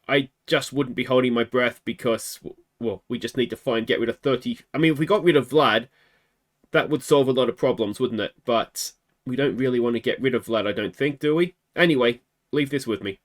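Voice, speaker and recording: A man's voice: medium pitch, brisk. An Australian man hosting a game video, chatting casually and thinking aloud with wry asides. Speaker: gaming video host.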